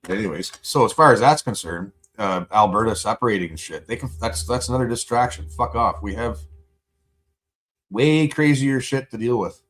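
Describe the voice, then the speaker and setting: A man venting in a profane, angry livestream rant, buzzed and high. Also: moderate pace, fairly bright tone.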